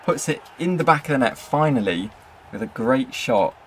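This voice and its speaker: Excitable young man commentating gameplay. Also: medium pitch, normal speed, slight background noise. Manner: excitable, swings between hype and frustration. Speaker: gaming channel host.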